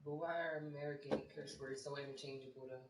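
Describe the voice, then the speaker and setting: A man's voice: mid-range voice, flat delivery, fast, roomy sound, distant mic, slight background noise, rough recording. A man co-hosting a casual chat, rambling and joking.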